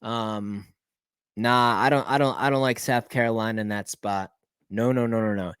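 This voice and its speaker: A man's voice: on the low side, steady tone, normal speed, fairly bright tone, clean tone, dry recording, clean studio sound. A man hosting a casual solo rundown of his sports betting picks, thinking aloud, rambling and correcting himself as he checks scores.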